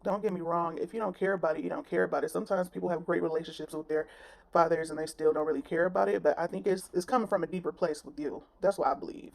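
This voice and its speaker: A woman's voice: lowish voice, fairly even intonation, fast, vocal fry, a little mellow. A woman giving blunt, sassy reaction commentary on a clip, with plenty of slang. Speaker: commentary vlogger.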